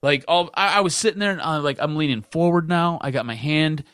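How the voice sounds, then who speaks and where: A man's voice: fairly high pitch, a little fast, a bit bright, clean tone, no echo, clean studio sound. A man hosting a sports podcast, ranting in casual talk and repeating himself for emphasis.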